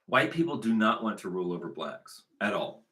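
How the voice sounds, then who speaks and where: Bright-voiced man in a rambling monologue. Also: on the low side, big pitch swings, brisk. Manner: emphatic, repetitive, rambling with many restarts. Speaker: channel host. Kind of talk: unscripted monologue.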